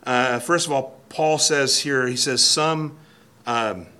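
A man's voice: mid-range voice, a little slow, sharp tone. A man preaching an expository sermon from a church pulpit, earnest and emphatic, often restarting and repeating words. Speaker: pastor.

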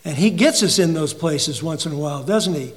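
High-voiced preacher in a reverberant hall. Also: male voice, expressive, brisk. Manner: rhetorical questions, rises to emphatic peaks then drops low. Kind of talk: sermon.

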